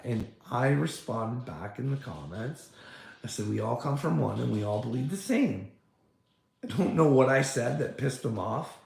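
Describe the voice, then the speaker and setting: A man rambles and swears through a casual rant, laughing often between thoughts. His voice is gravelly and his delivery slow. The sound carries the echo of a bare room. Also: medium pitch, a little mellow. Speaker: podcast host.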